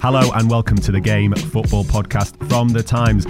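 Wry podcast host, low voice. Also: male voice, steady tone, normal speed, loud music behind the voice. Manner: wry, teasing banter. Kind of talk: casual football podcast chat.

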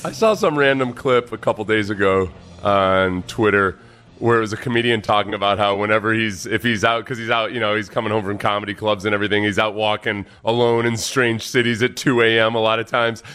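An American man co-hosting sports radio, telling animated stories and laughing at his own jokes. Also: fairly low pitch, brisk, smooth. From United States. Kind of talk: casual radio chat. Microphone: studio microphone.

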